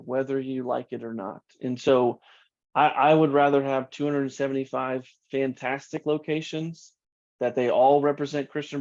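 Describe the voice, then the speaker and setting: A man speaking as a company executive in an interview, earnest and measured. His delivery stays flat, with mid-range pitch. The audio sounds dull and lo-fi. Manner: earnest, measured, repeats words when starting. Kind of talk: interview answers.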